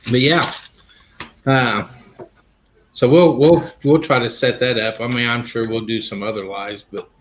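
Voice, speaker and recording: A man's voice: mid-range voice, steady tone, unhurried, a bit bright, a little hiss or hum. A man co-hosting a casual live-stream chat, easygoing and folksy, laughing often.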